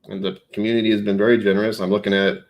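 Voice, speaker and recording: Low-voiced man rambling on a livestream. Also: level tone, racing, muffled recording. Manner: rambling, self-mocking, jokey. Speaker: live streamer. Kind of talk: casual livestream chat.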